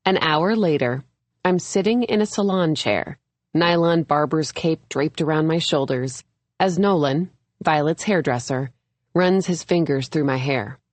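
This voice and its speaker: Female audiobook narrator, young adult: low voice, unhurried, measured first-person delivery. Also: dry recording. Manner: measured, even storytelling.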